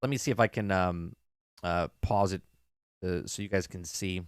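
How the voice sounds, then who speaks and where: A man's voice: sits low, moderate pace, clean tone, no echo, studio quality. A man in his thirties casually retelling a TV episode, rambling with lots of fillers. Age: 30s. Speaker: show reviewer.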